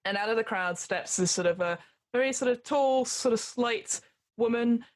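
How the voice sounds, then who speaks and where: A woman's voice: fairly high pitch, normal speed. A woman running a tabletop horror game as game master, narrating scenes in a rambling way full of fillers and laughter.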